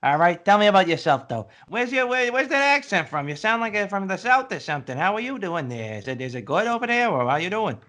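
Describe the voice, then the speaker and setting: A man's voice: high-pitched, big pitch swings, quick pace, few pauses, bright, forceful tone, full character voice. A man playing a brash, salesy hiring manager in a comedy sketch who repeats himself, talking over a video call.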